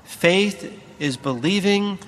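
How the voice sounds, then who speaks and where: Man preaching slowly in an echoing hall. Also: high voice, lively intonation, fairly bright tone. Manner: slow, deliberate preaching with emphatic pauses. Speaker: priest. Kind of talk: sermon.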